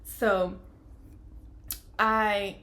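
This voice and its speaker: A young woman talks casually to her viewers, retelling events in a lively way. She jumps into the voices of the people she quotes and laughs along as she goes. Her pitch sits in the middle for a woman. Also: extremely slow. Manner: animated, acts out quoted voices, laughs often. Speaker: vlogger telling her birth story. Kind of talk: casual storytelling to camera.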